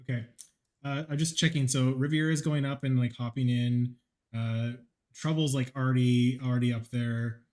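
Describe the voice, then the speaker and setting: Male game master, mid pitch, easygoing narration full of ums; live tabletop stream. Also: little pitch movement, moderate pace, darkish tone. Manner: casual, hesitant with many ums and likes.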